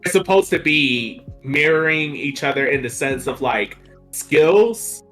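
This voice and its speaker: A man's voice: a little high, lively intonation, measured pace, a bit bright, faint music behind. A man co-hosting a podcast, talking enthusiastically and picking apart what he saw. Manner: enthusiastic, analytical. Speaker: podcast co-host. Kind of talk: casual podcast chat.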